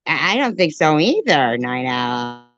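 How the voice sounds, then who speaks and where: A woman's voice: deep voice, big pitch swings, measured pace, a bit bright. A woman hosting a commentary channel, making mocking, scornful remarks as she reacts to a clip. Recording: dry, dull lo-fi sound.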